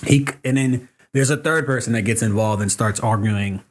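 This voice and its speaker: A man in casual podcast chat, telling a heated story in an animated way, acting out quotes and cursing freely. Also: lowish voice, moderate pace. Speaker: podcast guest, comic creator.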